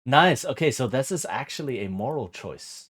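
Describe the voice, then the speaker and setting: A man's voice: mid-range voice, lively intonation, normal speed, fairly bright tone, breathy edge. A man streaming a game, chatting casually and thinking aloud in a rambling way.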